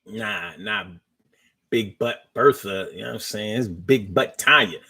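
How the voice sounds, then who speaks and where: A man hosting a casual, profane storytelling monologue in loose conversational talk, with pauses as he searches for words. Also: lowish voice, pushed and bright, breathy edge.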